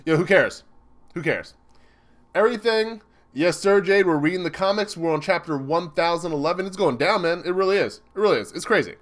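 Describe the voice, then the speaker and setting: A young man excitedly commenting live as he reads a comic chapter, chatty and laughing often. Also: sits high, fairly quick. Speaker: streamer reacting to a manga chapter.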